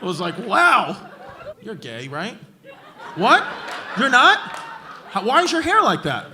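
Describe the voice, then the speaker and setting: A man with a New York accent doing brash, profane stand-up crowd work, roasting hecklers and often shouting. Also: high-pitched, huge pitch swings, a little slow, noisy background. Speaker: stand-up comedian. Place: comedy club stage with a laughing crowd. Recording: live club audio with crowd laughter.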